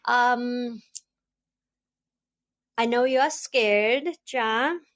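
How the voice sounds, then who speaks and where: A woman from China speaks English as a podcast guest. She talks slowly and thoughtfully, with a stutter and many pauses, and her voice is soft and earnest. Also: fairly high pitch, fairly even intonation. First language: Chinese. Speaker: podcast guest, doctoral student. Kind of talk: reflective interview answers.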